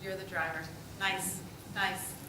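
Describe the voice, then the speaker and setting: A woman's voice: on the low side, little pitch movement, takes it slowly, crowd noise. A woman rabbi leading a group discussion, affirming people's answers and joking lightly. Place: synagogue meeting room. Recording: echoey room picked up from far off.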